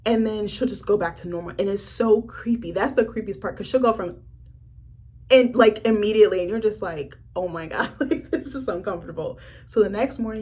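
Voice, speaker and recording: A young woman reviewing a film in a casual, animated vlog, swearing freely and acting out the characters' lines. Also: medium pitch.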